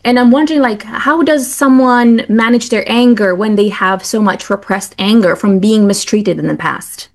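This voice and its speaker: A woman's voice: mid-range voice, normal speed, few pauses. A woman hosts a podcast in a casual, candid way. She talks hesitantly and fills her sentences with fillers while she searches for the right words. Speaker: podcast host. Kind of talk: casual interview conversation.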